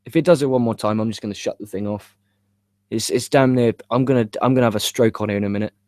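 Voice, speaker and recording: A man's voice: fairly low pitch, quick pace, darkish tone, no room sound, clean studio sound. A young man hosting a live wrestling chat show, frustrated and swearing, rambling with repeated stammers into a cheap microphone. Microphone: cheap USB microphone.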